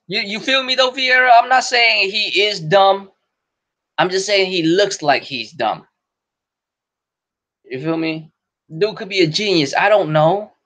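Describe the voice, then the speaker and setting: A man with a voice on the high side and a fairly bright tone hosts a casual podcast chat. He talks in loose, profane slang and laughs often, all captured in dull lo-fi podcast audio.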